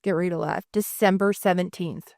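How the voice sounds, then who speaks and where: A woman in her thirties co-hosting a podcast in casual chat, telling lively stories, playing other people's lines and laughing as she goes. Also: fairly low pitch, fairly quick, creaky, no echo, clean studio sound. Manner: animated storytelling, acting out others with laughs and swearing. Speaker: podcast co-host.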